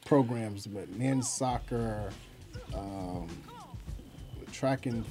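A man co-hosting a casual sports talk show, rattling off team lists and trailing off quietly at line ends. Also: on the low side, extremely slow, loud music behind the voice.

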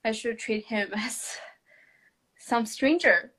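Speaking at a slow pace in a fairly high voice, a woman tells a personal story in conversation. She hesitates, restarts frequently, laughs softly and uses grammar typical of a non-native English speaker.

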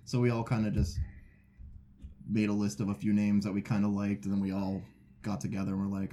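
A man's voice: fairly low pitch, completely flat delivery, brisk, dark tone. A man who plays in a band, a guest on a casual podcast, telling stories in a rambling, easygoing way. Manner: rambling storyteller.

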